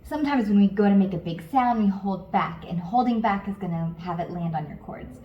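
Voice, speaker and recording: A woman singing teacher coaching beginners step by step in a calm, encouraging way. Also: mid-range voice, a little fast, reverberant, muffled recording, a little hiss or hum. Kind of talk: guided vocal lesson.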